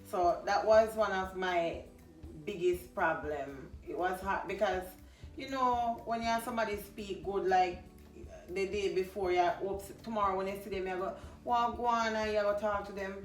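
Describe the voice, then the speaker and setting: A Jamaican woman from Jamaica hosting a casual conversation, animated and slipping into patois. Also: medium pitch, moderate pace, far from the mic. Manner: animated, laughs often, slips into patois. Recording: echoey room, voice off-mic, faint music.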